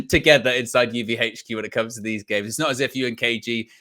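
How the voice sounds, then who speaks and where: A man's voice: medium pitch, brisk, pushed and bright. A man hosting a casual football chat, teasing his co-host, laughing often and mimicking friends. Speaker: fan channel host.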